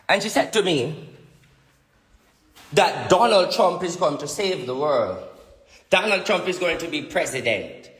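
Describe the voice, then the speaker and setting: A Jamaican man delivers insistent prophecy-style predictions in a vlog, repeating his points for emphasis. His voice sits high and sounds bright and sharp. It rings in a reverberant room with a long echo tail.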